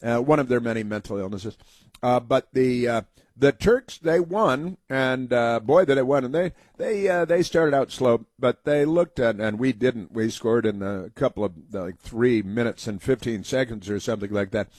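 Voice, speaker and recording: A man hosting a political opinion monologue, halting and rambling with many fillers, in a sneering, sarcastic tone. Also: medium pitch, a little mellow, no echo. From United States. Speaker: talk show host.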